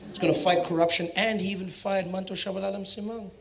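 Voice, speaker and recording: A man performing stand-up comedy in a mock-serious tone that builds to shouted bits. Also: sits high, steady tone, quick pace, creaky. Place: comedy club stage. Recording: live stage with audience noise.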